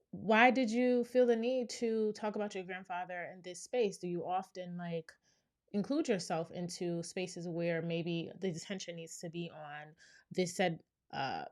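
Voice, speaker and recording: A woman therapist talks through a reaction video, her voice sitting a little low. She explains each point step by step and tosses in "right?" as she goes. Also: darkish tone. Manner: reflective, explains step by step, many "right?" asides. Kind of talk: reaction commentary.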